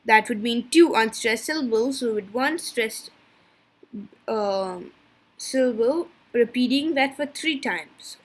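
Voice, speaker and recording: Woman presenter, somewhat high voice, reads slides haltingly, trips over terms. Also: lively intonation. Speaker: student presenter. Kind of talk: reading a class presentation from slides.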